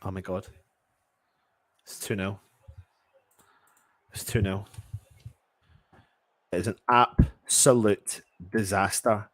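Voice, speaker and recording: Watching a match live, this English fan commentates with exasperation and profanity, lurching between quiet grumbling and sudden loud outbursts. No room sound is audible.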